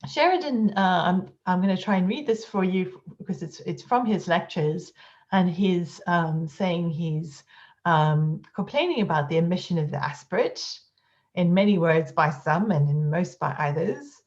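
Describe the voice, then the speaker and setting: A woman's voice: lowish voice, measured pace, a little mellow, lo-fi sound. A woman giving an academic conference talk, hesitant and full of fillers, over a video call. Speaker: conference speaker. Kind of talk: academic lecture.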